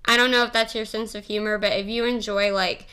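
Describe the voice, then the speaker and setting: A woman's voice: medium pitch, level tone, fairly quick, pushed and bright, smooth. A young woman hosting a solo podcast, chatting casually in a rambling, giggly, profane and playful way. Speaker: podcast host.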